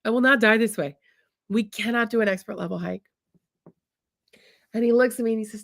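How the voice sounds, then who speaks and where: Her voice runs on the high side and fairly quick, creaky in texture and broken by long pauses. The speaker, a married adult from the US Midwest, tells a funny personal story chattily and comically, often calling listeners "y'all."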